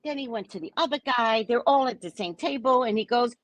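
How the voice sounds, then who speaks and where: A woman's voice: a little high, a little fast, no room sound. A middle-aged woman hosting her own show, telling a story in a casual, dramatic way. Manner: animated, dramatic retelling with swings between loud and soft. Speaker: spiritual reader and show host.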